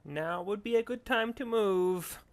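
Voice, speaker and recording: A man's voice: sits high, a little slow. Easygoing man playing a tabletop game. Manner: relaxed, joking table talk. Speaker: player. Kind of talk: casual tabletop play. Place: online voice call.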